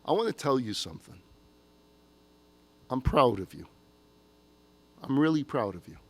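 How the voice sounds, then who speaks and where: A man voicing a gruff old grandfather, heartfelt. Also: medium pitch, big pitch swings, a little slow. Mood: tender confession. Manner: heartfelt, confessional. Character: elderly grandfather, gruff former army man.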